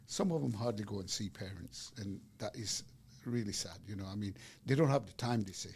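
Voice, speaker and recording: A man's voice: fairly low pitch, animated, fairly quick, gravelly, a little mellow, a little hiss or hum. A man co-hosting a casual radio chat who agrees readily and chimes in with short affirmations.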